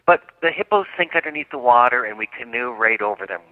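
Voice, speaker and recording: A man's voice: mid-range voice, expressive, fast talker, no room sound. A man telling a story as a radio guest, vividly acting out the quotes. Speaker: guest author. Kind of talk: animated storytelling. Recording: dry, phone-like line.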